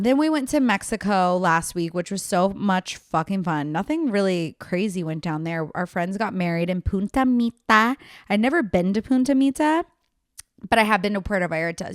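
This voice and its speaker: A woman's voice: mid-range voice, no echo, studio quality. A woman in her thirties hosting a podcast alone, chatting casually with lots of filler words and swearing, self-deprecating. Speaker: podcast host. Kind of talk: casual solo chat.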